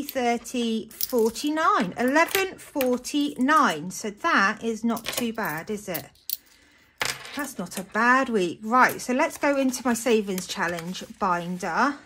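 British woman, casual vlogger, slightly high pitch, chatty and gushing with excited exclamations. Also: a little hiss or hum. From United Kingdom. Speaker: budgeting vlogger. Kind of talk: casual chat to camera.

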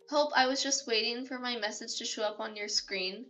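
Woman streamer, casual and gushing, repeats herself, pitched a little high. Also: steady tone, brisk, a bit bright, soft background music. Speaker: live streamer. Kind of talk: casual live-stream chat.

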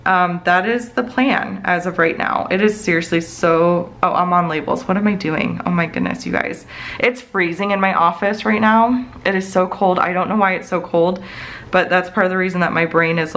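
A woman's voice: lowish voice, steady tone, normal speed, a bit bright, poor audio. A woman in her thirties chatting casually in her home office while planning, rambling with many fillers. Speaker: planner vlogger. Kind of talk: casual chatty plan-with-me talk.

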